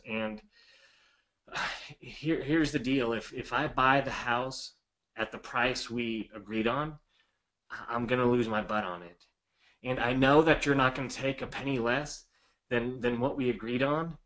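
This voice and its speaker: A man acts out an anxious investor who keeps apologizing. He stammers, sighs, and lets his voice drop low and quiet, sounding hesitant throughout. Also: close to an everyday voice. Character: apologetic, anxious male real estate investor.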